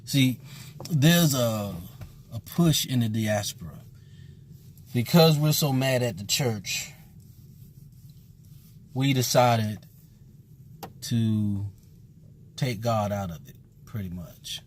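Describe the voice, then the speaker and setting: A man's voice: mid-range voice, slow pace, pauses often, slight background noise. A man who teaches at a voodoo temple, talking bluntly and casually with emphatic repetition. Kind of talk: casual spoken commentary.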